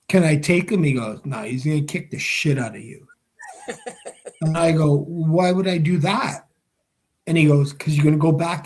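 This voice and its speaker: Animated man telling a rowdy story. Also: a little high. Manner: animated storyteller, acts out quoted dialogue, swears freely. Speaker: former hockey player, guest. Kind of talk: storytelling interview.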